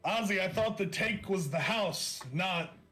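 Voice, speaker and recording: A man's voice: sits high, unhurried, pushed and bright, soft background music, pitched above the performer's own voice. A man doing a cocky wisecracking dwarf. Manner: joking, unbothered, wisecracking. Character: brash cocky male dwarf rogue.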